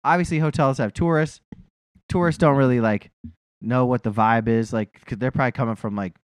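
A man's voice: mid-range voice, fairly quick, clear, resonant tone, no room sound. A man telling a profane, self-mocking story in a casual podcast chat.

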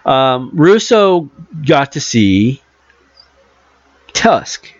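A podcast co-host speaks very slowly in a sing-song, medium-pitched voice on a muffled recording without echo. Chatting casually, he rambles, self-corrects, and voices the quotes he tells.

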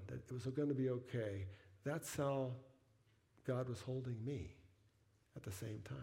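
In a mid-range voice, a middle-aged man delivers a sermon as a pastor. His personal story rises to emphatic peaks and falls back to quiet, gentle lines.

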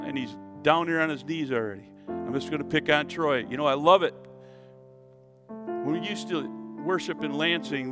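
Animated preacher man leading a sermon. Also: a little high. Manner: animated preacher, leads the congregation in call-and-response. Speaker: pastor. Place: church service.

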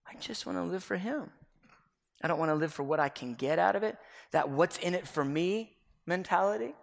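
A middle-aged man preaching a confessional sermon as pastor, earnest and swinging between loud and hushed. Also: high voice, animated, normal speed, creaky. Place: church sanctuary. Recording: echoey hall with long reverb.

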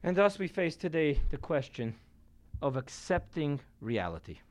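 Man preaching with swings of loudness. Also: on the high side, big pitch swings, a little slow. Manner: storytelling, swinging between loud emphasis and quiet asides. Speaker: rabbi. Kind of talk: sermon. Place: room with a live audience.

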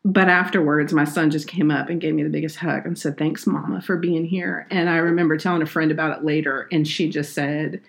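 Low-voiced woman sharing her faith. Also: steady tone, fairly quick, gravelly, hardly any pauses. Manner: earnest, heartfelt, tearful at moments. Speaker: podcast guest, children's minister. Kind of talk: faith podcast conversation, personal storytelling.

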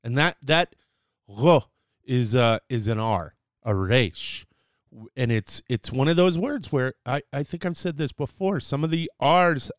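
A man's voice: medium pitch, smooth, dry recording, clean studio sound. A man hosting a casual segment, teaching a few words in a playful, chatty way with fillers and self-corrections. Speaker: host teaching Hebrew words. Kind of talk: casual podcast lesson.

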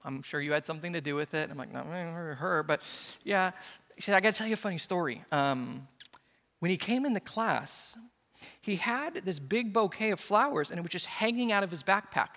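A male pastor delivers a sermon in a church, his voice high and bright. He tells personal stories and acts out the quotes with playful energy. The sound carries a long hall reverb. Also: animated, moderate pace, creaky. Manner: storytelling with playful acted-out quotes.

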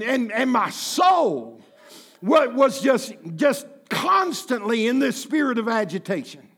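A pastor in his fifties preaching a sermon in church, impassioned and folksy, with bursts of shouting. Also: very high-pitched, gravelly, husky. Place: church sanctuary.

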